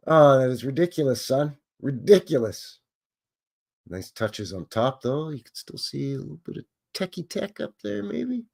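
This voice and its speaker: A man's voice: medium pitch, sing-song, measured pace, vocal fry, pauses often. A man hosting a live show, chatting casually and joking as he reacts to what he is looking at. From Canada. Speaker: host. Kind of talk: casual live commentary on old photos.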